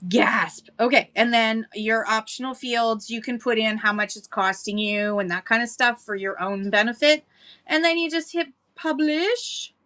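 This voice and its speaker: Woman host, casual live-chat delivery, bright and slightly high, chatty with frequent laughs. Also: normal speed. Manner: chatty, laughs often, greets viewers by name. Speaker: livestream seller host.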